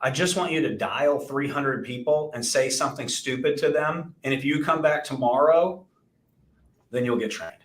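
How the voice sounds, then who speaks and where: A Texan man in his forties, who owns an insurance agency and co-hosts a podcast, tells a rambling, self-deprecating story full of restarts in a casual chat. His voice sits in the mid-range at a normal speed. The recording carries a roomy echo.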